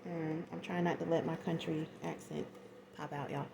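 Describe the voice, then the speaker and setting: A woman's voice: deep voice, level tone, moderate pace, vocal fry, background noise. A woman giving a casual tarot reading, chatty and slangy, acting out little scenes as she goes. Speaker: tarot reader.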